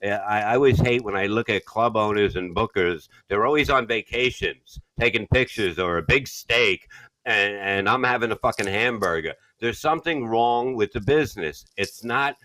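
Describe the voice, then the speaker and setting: A man's voice: lowish voice, normal speed, no room sound, rough recording. A man with a New York accent, hosting a casual podcast chat, blunt and full of swearing as he tells stories. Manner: blunt, swearing, animated storytelling. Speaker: podcast host.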